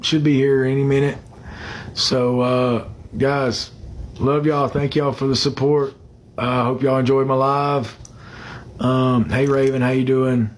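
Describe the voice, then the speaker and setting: A man, talking on a casual livestream at a middle pitch. His talk wanders from thought to thought, with plenty of fillers and quick hellos to viewers. There is a faint hum of room noise behind him. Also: little pitch movement. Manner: rambling, greets viewers by name, many fillers.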